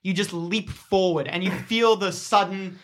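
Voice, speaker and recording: A man narrating a tabletop game as game master, pausing often and restarting his sentences. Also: high voice, steady tone, a bit bright, slight background noise. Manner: halting, with fillers and restarts.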